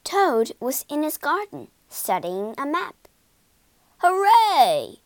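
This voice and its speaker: A woman reading a children's storybook aloud, expressive and unhurried. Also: high-pitched, no echo. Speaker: storybook narrator.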